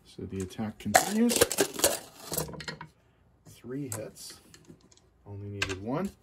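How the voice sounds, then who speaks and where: Lowish gravelly guy calling dice rolls in his board game, methodical, loud noise behind. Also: slow pace. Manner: steady, methodical, calls each dice roll. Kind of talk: play-by-play board game commentary.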